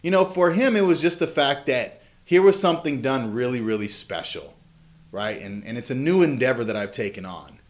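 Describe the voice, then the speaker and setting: A man in his thirties talks earnestly about a family moment, his voice sitting at an ordinary middle pitch. He speaks candidly and reflectively, like a father speaking straight to his viewers. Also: animated, normal speed. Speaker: vlog host, father. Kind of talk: reflective personal story to camera.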